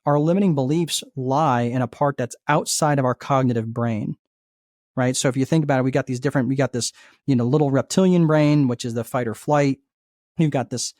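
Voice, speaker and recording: Male guest coach, mid-range voice, lively explainer who acts out inner dialogue, dry room. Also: mid-range voice, dry recording. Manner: energetic, acts out inner dialogue, frequent "right?" checks. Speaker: guest life coach and entrepreneur. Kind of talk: conversational teaching.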